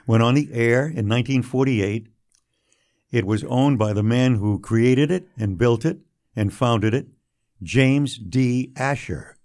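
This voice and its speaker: An older man, a radio broadcaster recalling his early career in an unhurried, anecdotal interview manner. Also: medium pitch. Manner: warm anecdotal storytelling, drops quietly for quoted lines. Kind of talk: storytelling interview.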